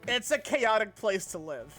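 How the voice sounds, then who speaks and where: A woman streaming a game, chatting casually and swearing freely as she tells animated stories. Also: mid-range voice, moderate pace, faint music behind. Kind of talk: casual gaming stream chat.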